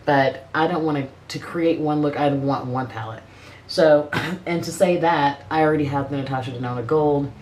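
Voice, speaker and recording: A woman's voice: rumbling low, a little mellow, a little hiss or hum. A middle-aged woman chatting casually as a beauty vlogger, blunt and profane, rambling with frequent restarts. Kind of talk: casual makeup review chat.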